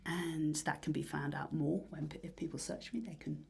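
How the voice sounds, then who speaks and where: A woman musician talking casually in an interview, rambling and dreamy with many fillers and soft breathy asides. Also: sits low, fairly even intonation, moderate pace, a little hiss or hum. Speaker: musician guest.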